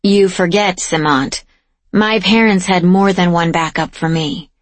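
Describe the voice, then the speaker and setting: A man's voice: high-pitched, steady tone, measured pace, no room sound. Woman playing a wry, dangerous male warrior. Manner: smooth, dry and bitter.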